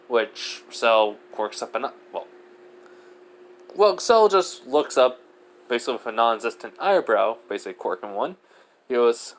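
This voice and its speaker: A man rambling through an improvised fan story, leaning on fillers as he goes. His pitch swings widely, and a faint hiss sits under the recording. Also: big pitch swings, moderate pace.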